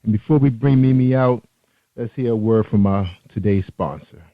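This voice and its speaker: A man's voice: on the low side, moderate pace. A man hosting an online radio interview show, chatting loosely and correcting himself as he goes. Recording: tinny phone-line sound.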